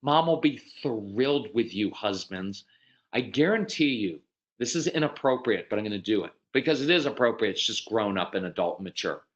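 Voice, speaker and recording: A man giving a folksy, earnest parenting seminar, speaking directly to dads and acting out quoted parents with sudden leaps in pitch. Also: lively intonation, normal speed, muffled recording.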